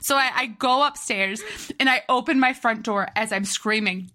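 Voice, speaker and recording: Bright, animated young woman storyteller. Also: a little high, a little fast. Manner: animated, laughing, acts out quotes loudly. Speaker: podcast co-host. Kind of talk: casual storytelling chat.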